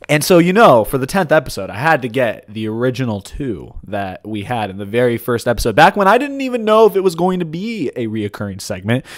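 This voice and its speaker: A young man hosting a casual podcast chat, rambling and restarting his sentences, quick to laugh. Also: mid-range voice, no echo, studio quality. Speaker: podcast host.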